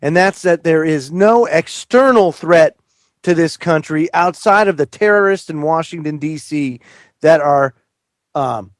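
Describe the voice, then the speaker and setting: A man's voice: on the high side, a little slow, no echo, clean studio sound. A man appearing as a guest on political talk radio, speaking emphatically and with indignation.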